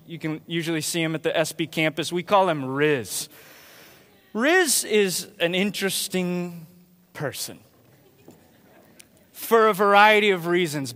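A man preaching a sermon to his church in a conversational, storytelling way, getting animated when he imitates others. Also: high voice, in a large hall. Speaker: pastor. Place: church sanctuary.

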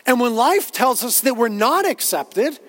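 A man's voice: very high voice, sing-song, a little slow, a bit bright, in a large hall. A man preaching a sermon as a pastor, earnest, repeating himself and quoting others as he builds his point. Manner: earnest preaching with repetitions and quotations.

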